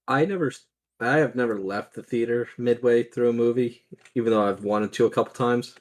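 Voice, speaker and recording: This man co-hosts a podcast in casual chat, with a voice of ordinary pitch. He states his opinions firmly and matter-of-factly. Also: brisk, slight background noise. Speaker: podcast co-host.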